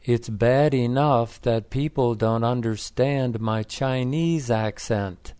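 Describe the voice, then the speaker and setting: Stubborn fed-up wife, read plainly by a man, slow, smooth voice. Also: mid-range voice, warm tone, no room sound, natural voice.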